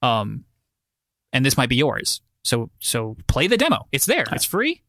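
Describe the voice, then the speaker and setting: Brief: male podcast co-host, average pitch, playful and chatty, dry recording. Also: wildly swooping pitch, unhurried, bright, forceful tone, dry recording. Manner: joking, teasing banter. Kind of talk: casual chat.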